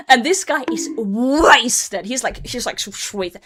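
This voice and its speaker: A young Norwegian woman, a native Norwegian speaker with a Norwegian accent, telling a story casually on her game livestream, animated, laughing often and swearing freely. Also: on the high side, measured pace. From Norway. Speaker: game streamer.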